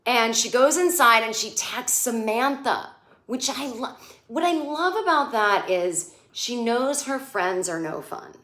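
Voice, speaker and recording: A woman's voice: on the high side, expressive, measured pace, fairly bright tone. A woman comedian recapping a TV episode in a chatty, sarcastic way, swearing freely and acting out the characters' lines. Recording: echoey room.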